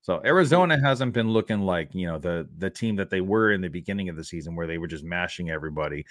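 A man co-hosting a casual fantasy baseball podcast, reading out player stats steadily with filler pauses. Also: sits low, lively intonation, no echo, studio quality. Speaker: podcast co-host. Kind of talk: casual sports chat.

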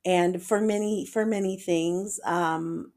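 A woman's voice: lowish voice, steady tone, slow pace, darkish tone. A woman in her forties hosting a solo podcast, talking in an earnest, personal way and slipping Spanish phrases into her talk. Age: 40s. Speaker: podcast host. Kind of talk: reflective solo podcast monologue.

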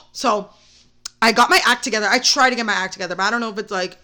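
A young woman hosting a solo podcast, telling a story in an excitable, rambling way full of "like". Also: fairly high pitch, fast. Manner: rambling, excitable, heavy use of "like". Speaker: podcast host. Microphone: camera mic.

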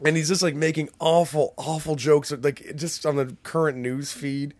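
A man's voice: a little high, level tone, normal speed, darkish tone, dry recording. A man co-hosting a casual podcast, rambling through stories, swearing freely and laughing as he talks. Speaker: podcast co-host. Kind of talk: casual chat.

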